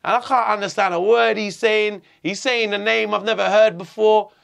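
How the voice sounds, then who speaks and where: A middle-aged man from England, telling a story in an interview, animated and swearing a lot. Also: high-pitched, normal speed, vocal fry, smooth. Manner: animated, swearing, acts out voices. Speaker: guest.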